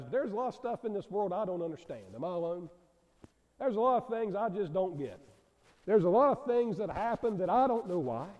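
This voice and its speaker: A man's voice: high-pitched, dark tone. A man preaching a sermon to a congregation, earnest and asking them direct questions. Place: church sanctuary. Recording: long hall reverb.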